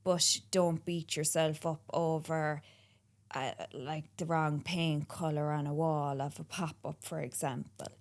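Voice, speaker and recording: A woman with an Irish accent, a business founder talking as a podcast guest in casual, animated, self-mocking chat. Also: low-pitched, measured pace.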